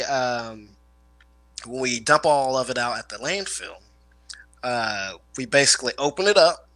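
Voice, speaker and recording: A man's voice: mid-range voice, bright, forceful tone, no room sound, low-quality recording. A man with a rural Midwestern country twang, rambling through stories in casual chat and swearing freely. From Illinois/Indiana area. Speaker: guest, former garbage man.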